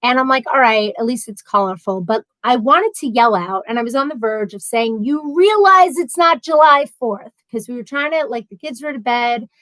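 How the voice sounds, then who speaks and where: A woman hosts a casual live stream, reading comments aloud and answering them one by one. Her voice sits a little high, and she talks in a loose, rambling way with animated storytelling. The sound is dry and close, with no room echo. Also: fairly quick, hardly any pauses. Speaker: livestream host reading viewer comments.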